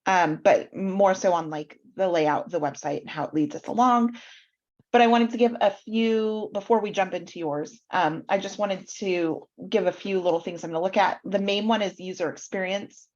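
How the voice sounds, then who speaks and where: A woman's voice: mid-range voice, normal speed, a little mellow, muffled recording. A woman hosting an online workshop, explaining website feedback step by step with frequent ums, over a video call. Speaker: mentor reviewing websites.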